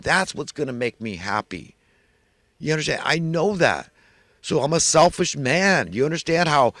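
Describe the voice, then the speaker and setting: A man from the United States giving an impassioned monologue, moving from loud urgent preaching to quiet, earnest confession. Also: a little high, no room sound, studio quality. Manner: religious, ranting about elites. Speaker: channel host.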